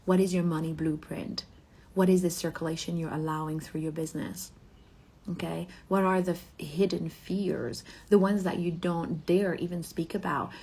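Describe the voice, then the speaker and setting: A woman's voice: fairly low pitch, darkish tone, husky. A woman business coach giving a motivational talk, asking rhetorical questions and checking in with a frequent "okay?".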